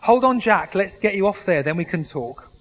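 Spoken by a preacher, a steady, reassuring God calls down with firm, plain instructions. The voice stays calm and a touch raised, patient rather than booming. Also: male voice, moderate pace, big-room sound, poor audio.

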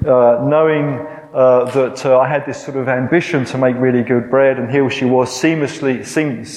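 A man in his sixties, a preacher telling a story in a sermon, self-deprecating and gently humorous, with many fillers. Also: medium pitch, steady tone, moderate pace. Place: church hall. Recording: echoey hall.

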